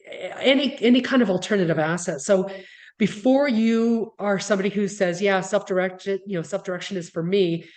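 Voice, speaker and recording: A woman's voice: medium pitch, darkish tone. A middle-aged woman, the guest founder, answering interview questions in an easygoing, explanatory way over a video call.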